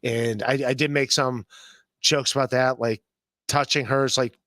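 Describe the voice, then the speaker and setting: A man's voice: mid-range voice, steady tone, a little slow, a bit bright, no echo. A man hosting a podcast, talking in a rambling, stammering, blunt and profane way. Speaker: podcast host. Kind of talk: casual podcast chat.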